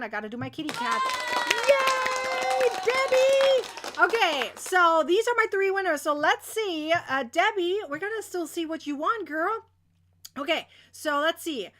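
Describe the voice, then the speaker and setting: A young woman is running a crochet giveaway in a casual livestream chat. Her voice sits high, and she's bubbly, squealing with excitement.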